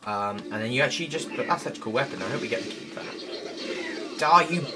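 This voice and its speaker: Excitable man commentating a game. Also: medium pitch, fairly quick, heavy background noise. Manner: excitable, chatty, laughs and shouts at enemies. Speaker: gameplay commentator. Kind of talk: let's play commentary. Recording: game music loud behind voice.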